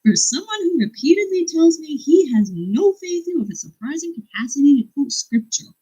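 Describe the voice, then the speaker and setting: A woman reading as a gentle, earnest older man. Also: high-pitched, big pitch swings, moderate pace, pitched above the performer's own voice, poor audio. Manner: read aloud, earnest, plain reading voice. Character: gentle, earnest older male friend giving counsel.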